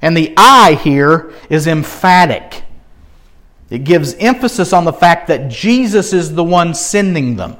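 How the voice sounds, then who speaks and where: A man preaching a sermon, expressive, asking rhetorical questions and swinging from quiet asides to emphatic peaks. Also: measured pace. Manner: expressive, rising to emphatic peaks and dropping low. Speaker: pastor.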